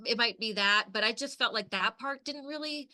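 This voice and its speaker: A woman's voice: a little high, moderate pace, bright, forceful tone. A woman co-hosting a podcast in casual chat, talking loosely with lots of filler words and the odd swear. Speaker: podcast co-host.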